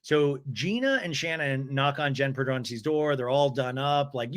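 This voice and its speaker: A man's voice: normal speed, few pauses. A male podcast host recapping a reality show in a comedic, casual way, with crude jokes and mocking voices for the people he quotes. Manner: animated, acts out quotes in high mocking voices; crude, joking asides.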